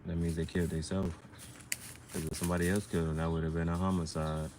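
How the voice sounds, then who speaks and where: Man, low register, casual slangy freestyle rambler, slight background noise. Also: flat delivery, fast, darkish tone. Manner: loose, slangy, playful rhymes. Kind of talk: casual rhyming monologue.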